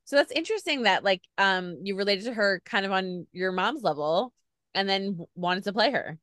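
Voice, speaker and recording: A woman's voice: medium pitch, lively intonation, normal speed, fairly bright tone, no room sound, clean studio sound. A woman interviewing a guest, asking long chatty questions full of "like". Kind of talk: casual interview chat.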